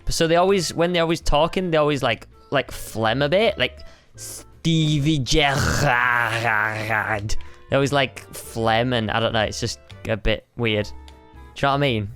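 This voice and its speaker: A man's voice: mid-range voice, normal speed, a bit bright. A man co-hosting a podcast, chatty and teasing, leaning on "like" as he talks. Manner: teasing, chatty, uses "like" a lot. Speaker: podcast co-host. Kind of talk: casual chat. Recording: faint music behind.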